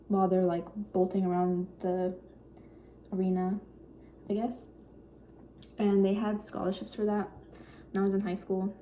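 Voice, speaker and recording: A young woman in her twenties talks softly in her home kitchen. Her voice is mellow and warm. She rambles shyly, full of little fillers, with a faint hum in the background. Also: mid-range voice. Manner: quiet, shy, rambling with many fillers. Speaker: vlogger. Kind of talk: casual cooking vlog chat.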